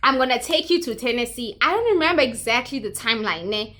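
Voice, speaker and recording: A woman's voice: a little high, animated, quick pace, bright, forceful tone. A woman recapping a movie in a chatty, mocking way, acting out characters as she goes. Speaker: YouTuber.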